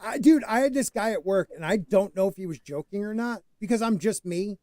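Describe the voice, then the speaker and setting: A man's voice: high-pitched, expressive, a little fast, crowd noise. Brash joking podcast man. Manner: joking, loud, swings into mock voices. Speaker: podcast co-host. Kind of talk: casual banter.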